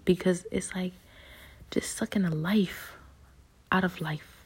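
A young woman giving a personal faith testimony in a soft, whispery, halting way, with many fillers and restarts. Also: on the low side, fairly even intonation, husky.

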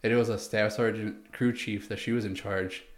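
A man's voice: fairly low pitch, steady tone, normal speed, echoey room. A young man, a former Marine, telling service stories in a rambling casual way, full of "like" and acted-out quotes. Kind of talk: casual podcast storytelling.

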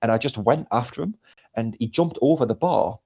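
Gravelly man telling a story. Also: mid-range voice, a little fast, slight background noise. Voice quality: gravelly, husky. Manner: swears a lot, animated anecdote with acted quotes. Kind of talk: casual storytelling chat.

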